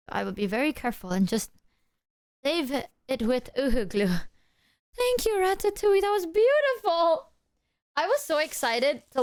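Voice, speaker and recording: A woman streamer chatting to her viewers, excitable and apologetic as she shows off gifts. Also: on the high side, dry recording. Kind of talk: casual stream chat to viewers.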